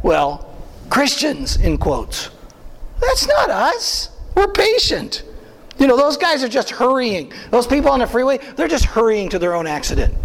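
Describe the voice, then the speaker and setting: A man preaching a sermon as pastor, animated and full of rhetorical questions and asides to the congregation. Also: very high voice. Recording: long hall reverb.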